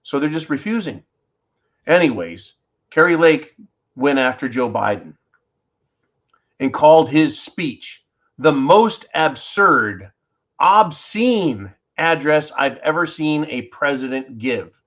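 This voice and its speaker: Guy doing a solo rant show, kinda high voice, fired up, keeps repeating himself. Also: expressive, slow, fairly bright tone. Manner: indignant, emphatic, repeats words when stirred. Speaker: political commentary host. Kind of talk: solo commentary monologue.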